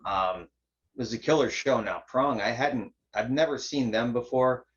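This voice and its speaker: A man's voice: mid-range voice, measured pace, dull audio. A man from Connecticut, a panel guest in casual chat, hesitant with lots of ums.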